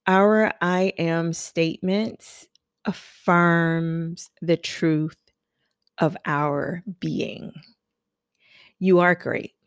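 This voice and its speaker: A woman podcast host delivers a motivational talk in an unhurried, fairly low voice. She leans hard on repeated affirmations and personal stories. The sound is close and dry. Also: steady tone, clear, resonant tone, dry recording. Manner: emphatic, repeats affirmations, storytelling. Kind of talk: motivational monologue.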